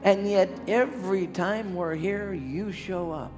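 Older preacher exhorting a crowd. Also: male voice, high voice, slow pace. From Pittsburgh area, USA. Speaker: healing evangelist. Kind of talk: revival sermon. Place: large church sanctuary. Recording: reverberant hall with music.

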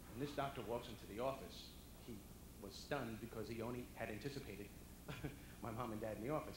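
A comedian and motivational speaker with a fairly low voice tells animated stand-up stories to a dinner audience in a banquet hall, often jumping into loud character voices. The recording echoes through the hall and picks up audience noise.

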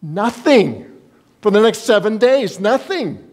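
A man preaching a sermon as pastor, telling Bible stories in a lively way and acting out the people in them. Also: high voice, slow. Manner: storytelling, acts out Bible scenes in quoted voices.

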